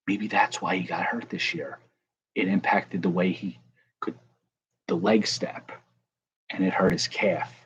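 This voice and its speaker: A man's voice: deep voice, breathy edge. A man opening baseball cards on camera, joking and rambling to his viewers in casual commentary. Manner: jokey, rambling, talks to viewers. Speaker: card-breaking vlogger. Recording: dull lo-fi sound, faint ambience.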